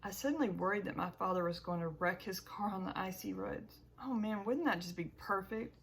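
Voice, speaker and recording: A woman reads a first-person audiobook with expressive, emotional delivery. Her voice sits in a middle register with a gravelly edge. The storytelling is vivid throughout. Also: mid-range voice, brisk, slight background noise. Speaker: audiobook narrator.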